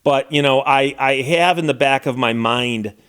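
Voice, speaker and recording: A man's voice: mid-range voice, measured pace, a bit bright, clear, resonant tone. A middle-aged American man, a lawyer and YouTube host, speaking in a somber, reflective casual monologue with frequent restarts. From United States.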